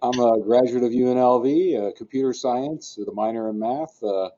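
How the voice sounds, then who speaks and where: A man's voice: medium pitch, normal speed, mellow. A man introducing himself on a video call in a rambling, self-deprecating way. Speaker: network engineering manager. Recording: muffled video-call audio.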